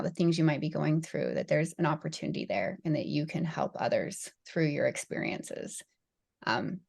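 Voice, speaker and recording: Low, gravelly-voiced woman guest. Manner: warm, encouraging, affirming. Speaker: podcast guest. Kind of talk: casual interview talk.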